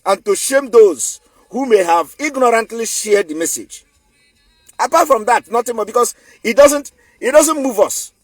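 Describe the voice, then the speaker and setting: A man with a Nigerian accent and a high voice delivers a defiant commentary vlog, hammering home each point by repeating it. His voice sounds dry and close, with faint music underneath. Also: animated, normal speed, dry recording. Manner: emphatic, defiant and repetitive. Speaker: political commentator.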